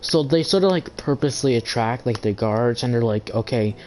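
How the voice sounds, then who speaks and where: This man's rant comes across as an unscripted, profane ramble from a gaming channel host, full of "like" and false starts. He speaks briskly and expressively at medium pitch with a darkish tone. Sound quality is poor, with a faint hiss or hum.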